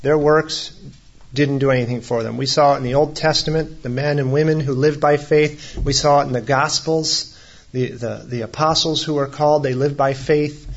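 A man's voice: medium pitch, fairly even intonation, normal speed. A man delivers a sermon in an easy, conversational manner, dropping humorous asides between scripture readings. His voice sits in an ordinary middle range. The recording is a little muffled. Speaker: pastor.

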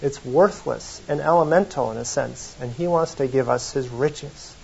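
A man's voice: medium pitch, moderate pace, gravelly, a little mellow, slight background noise. A man preaching a sermon in a folksy, conversational way, often reading quotations aloud, in a slightly muffled recording.

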